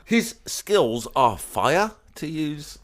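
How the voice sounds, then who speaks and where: A man's voice: on the high side, big pitch swings, very slow, crowd noise. A man co-hosting a music podcast in casual, joking chat, teasing his co-host.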